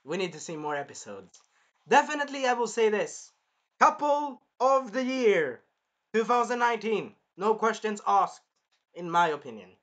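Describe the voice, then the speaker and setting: Brief: animated male reviewer, bright, high-pitched, swears freely. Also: normal speed. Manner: animated, blunt, swearing, swings between muttering and exclaiming. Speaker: anime reviewer. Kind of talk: casual spoken review.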